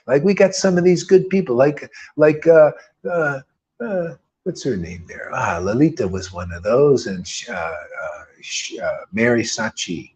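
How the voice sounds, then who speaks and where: A man's voice: medium pitch, expressive, a little slow, a little mellow. Fervent rambling male preacher. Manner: rambling, fervent, slangy with "man" and "like"; mocks others in put-on quoted voices. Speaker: spiritual teacher. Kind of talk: informal preaching monologue.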